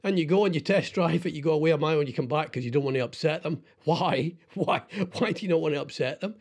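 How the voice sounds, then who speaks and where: A middle-aged man hosting a radio show, rambling in casual chat with lots of halting restarts and self-deprecating asides. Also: on the high side, darkish tone. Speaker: radio host.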